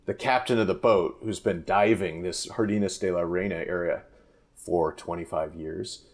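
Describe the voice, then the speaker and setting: A man's voice: sits low, fairly even intonation, moderate pace. A man, a fishing guide, telling anecdotes in a casual interview, rambling and restarting his sentences. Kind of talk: casual storytelling in a podcast interview.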